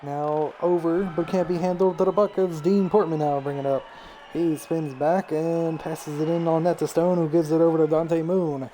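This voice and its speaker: With a voice on the high side and a touch of background hiss or hum, a young streamer does quick play-by-play of a hockey video game. He runs through the passes and saves, then lifts his voice excitedly whenever there's a shot or goal.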